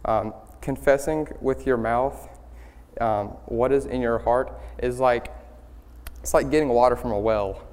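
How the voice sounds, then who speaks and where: A young man giving a student-led sermon, earnest and halting, with many ums and restarts. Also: medium pitch, a little mellow. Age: young adult. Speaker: student speaker leading worship. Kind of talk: church sermon. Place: church sanctuary. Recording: hall reverb in a church.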